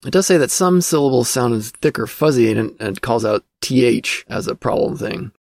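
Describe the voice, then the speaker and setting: A man's voice: medium pitch, animated, moderate pace, vocal fry, darkish tone, no room sound. A man hosting a casual podcast, reading through an old magazine and commenting as he thinks aloud, with plenty of fillers. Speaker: podcast host.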